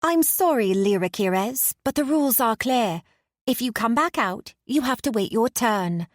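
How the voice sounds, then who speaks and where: Woman voicing a formal satyr gatekeeper, pitched well up, firm and officious, storybook reading. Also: expressive, normal speed, dry recording, studio quality, lightly acted. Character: stern satyr gatekeeper, male, bound by rules.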